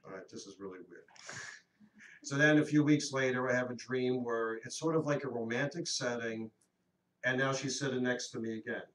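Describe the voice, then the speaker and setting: A man in his fifties telling a story in a casual, animated and earnest way on a talk radio show. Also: medium pitch, moderate pace. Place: radio studio. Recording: roomy echo, mic at a distance.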